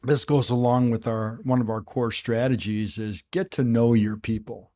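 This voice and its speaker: A man's voice: mid-range voice, fairly even intonation, moderate pace, mellow. A man hosting a podcast interview for sales managers, affirming his guest and rambling with restarts. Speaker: podcast host.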